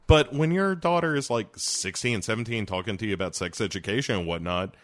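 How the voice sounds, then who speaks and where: A man co-hosting a casual movie-review podcast, animated and profane, laughing often. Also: fairly low pitch, a little fast. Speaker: podcast co-host.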